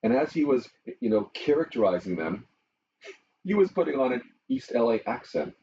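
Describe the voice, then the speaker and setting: A middle-aged man, a pastor telling stories in an interview in an animated way, with frequent chuckles. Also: mid-range voice, moderate pace, creaky, far from the mic. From Canada. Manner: animated storyteller, chuckles often. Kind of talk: interview conversation. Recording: muffled lo-fi with faint noise.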